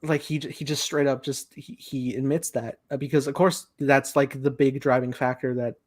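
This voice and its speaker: A man in a relaxed movie review chat, hosting with eager energy. His voice sits at an average pitch for a man. He keeps jumping back into scenes and quoting the characters. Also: moderate pace. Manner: excited, quotes movie lines in a flat retelling voice. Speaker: podcast host.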